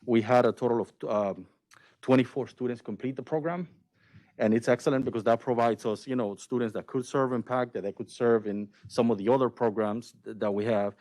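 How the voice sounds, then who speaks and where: Fast-talking man giving a meeting update. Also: mid-range voice, steady tone, darkish tone. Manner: fast, halting, many fillers and restarts. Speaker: college diversity administrator. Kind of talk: town hall update.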